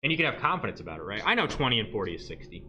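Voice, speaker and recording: A man's voice: fairly low pitch, big pitch swings, racing, bright, forceful tone, slight background noise. A male math teacher giving a livestreamed lesson in a joking way, often checking in with "right?". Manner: joking, asks "right?" constantly.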